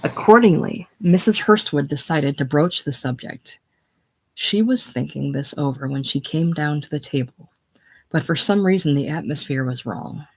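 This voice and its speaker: An audiobook narrator reading a classic novel. The reading is measured and even, with plain steady delivery. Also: medium pitch, slightly rough. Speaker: audiobook reader.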